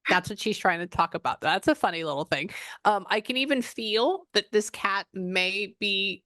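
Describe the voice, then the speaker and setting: A woman's voice: medium pitch, normal speed, bright, forceful tone, no echo, clean studio sound. A woman working as a psychic medium, talking a client through a reading in a chatty, rambling way that often breaks off mid-sentence. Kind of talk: reading session over a call.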